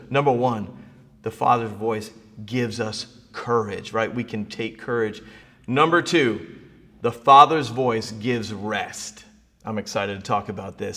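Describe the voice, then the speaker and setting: A middle-aged man preaching a sermon in a large sanctuary, his voice carrying a long hall reverb. He moves from relaxed, quiet storytelling into rising, emphatic stretches. His pitch sits in the middle range for a man. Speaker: pastor.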